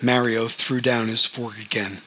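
A man narrating a story aloud in a steady, measured reading voice. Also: medium pitch, breathy edge, poor audio.

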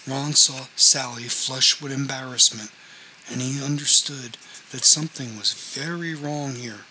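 Bright-voiced male audiobook narrator. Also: mid-range voice, steady tone, measured pace, a little hiss or hum, low-quality recording.

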